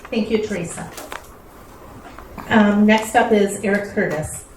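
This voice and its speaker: A woman's voice: mid-range voice, measured pace, a little mellow. A woman runs a school board meeting in a matter-of-fact manner, with hesitant fillers between items. She sounds distant from the mic in an echoey room with a faint hum behind her. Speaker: board president chairing the meeting. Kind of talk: procedural chairing of a meeting.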